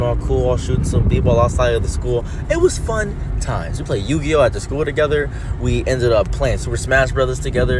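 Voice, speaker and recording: A young man telling a jokey, playful storytime. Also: background noise. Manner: playful, jokey storytelling with sudden pitch jumps. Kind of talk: comic storytime.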